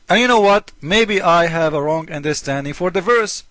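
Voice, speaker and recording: Guy lecturing on video, repeats himself a lot, highish voice, dry close mic. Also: normal speed, few pauses, pushed and bright, no room sound. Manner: emphatic, repetitive, lecturing. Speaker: video host. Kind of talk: argumentative video monologue.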